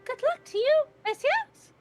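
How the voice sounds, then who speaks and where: A woman voicing a small, fussy male mouse gentleman in a very high, squeaky put-on voice while reading a visual novel aloud. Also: very animated, a little slow, faint music behind, exaggerated voice. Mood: polite.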